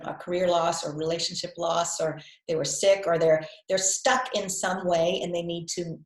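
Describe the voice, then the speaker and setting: A woman's voice: low voice, a little mellow, roomy sound, rough recording. A woman with a faded Boston accent, chatting casually as a guest health coach, repeating words and laughing often. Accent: Boston, mostly faded. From New England. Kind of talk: casual video call chat.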